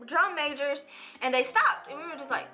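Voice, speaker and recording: A young woman chatting through a makeup tutorial, rambling and animated, her voice jumping up when she rants. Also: normal speed, faint music behind. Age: young adult. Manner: animated, rambling, swoops high when ranting. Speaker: beauty vlogger.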